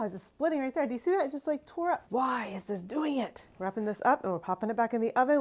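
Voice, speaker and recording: A woman hosting a home kitchen cheesemaking vlog, chatty and exasperated with a self-mocking streak. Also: on the high side. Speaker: cheesemaking channel host. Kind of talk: casual kitchen vlog talking to camera.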